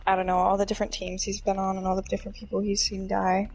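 A woman's voice: medium pitch, flat delivery, fast, darkish tone, rough recording. A young woman chatting casually while playing a game with a friend, laid-back and occasionally swearing. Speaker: co-player. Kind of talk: casual gaming chat.

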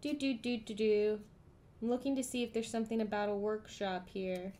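A woman's voice: mid-range voice, fairly even intonation, normal speed, warm tone, slight background noise. Playful woman reading a gamebook aloud. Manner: playful, giggly, breaks into song. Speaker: streamer running a solo-style game. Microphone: streaming microphone.

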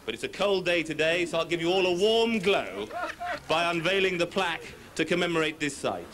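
A man giving a brisk, formal speech at a ceremony. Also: a little high, lively intonation.

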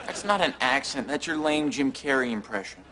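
A man's voice: medium pitch, lively intonation, fairly quick, a loud crowd, natural voice. An actor playing a goofy, blunt teenage boy in a sitcom. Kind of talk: sitcom acting. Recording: studio audience laughter and noise.

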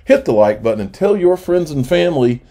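A man's voice: a little high, big pitch swings, a little fast, warm tone. A man hosting his own channel, talking through on-screen items in a loose, conversational way and correcting himself as he goes. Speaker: crypto channel host. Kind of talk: casual screen-share commentary.

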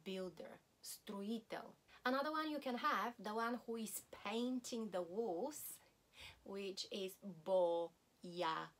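A woman teaching a language lesson, repeating each word slowly and deliberately so learners can practise. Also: a little high, a bit bright.

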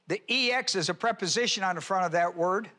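Emphatic high-voiced male pastor. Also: fairly quick, bright, forceful tone. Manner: reads scripture aloud and spells out Greek words. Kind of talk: expository Bible teaching sermon.

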